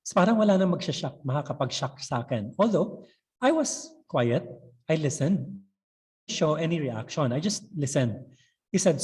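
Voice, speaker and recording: A man's voice: on the high side, lively intonation, moderate pace, darkish tone, big-room sound, poor audio. A man in his fifties with a Visayan Filipino accent gives a webinar lecture to teachers, mixing English with Tagalog and tagging lines with "okay" and "no?". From Philippines. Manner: switches between English and Tagalog, frequent "okay" and "no?" tags. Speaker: teacher trainer.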